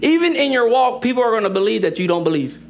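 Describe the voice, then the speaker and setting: A young man preaching a sermon as an assistant pastor, lively and joking, speeding up for asides and slowing down for emphasis. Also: very high-pitched, vocal fry. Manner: lively, joking, shifts between fast asides and slow emphatic lines.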